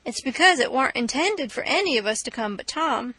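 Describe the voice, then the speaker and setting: A cheeky young boy pretending to be humble and innocent, voiced by a woman reader. He pleads slyly in a high, bright voice, recorded close and dry. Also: animated, a little fast, breathy edge, dry recording, exaggerated voice. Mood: mock-humble. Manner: mock-humble, sly pleading.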